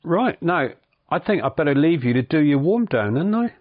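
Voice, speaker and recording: Relaxed radio host, dry sound. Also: male voice, fairly high pitch, normal speed, dry recording, phone-quality sound. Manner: relaxed, prompting with short "right"s. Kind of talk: casual radio interview.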